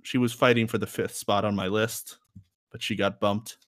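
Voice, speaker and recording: A young podcast co-host with a lowish, fairly bright voice chats casually at a moderate pace, his tone steady. He rambles and laughs a lot, in a dry recording with clean studio sound.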